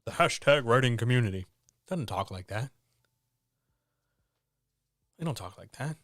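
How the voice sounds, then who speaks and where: A man's voice: medium pitch, expressive, unhurried, a bit bright, no room sound, clean studio sound. A man hosting a stream, giving a blunt, earnest, motivational talk into a microphone at home with his cats, swearing freely. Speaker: streamer host. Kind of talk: candid motivational monologue. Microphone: talking into a microphone.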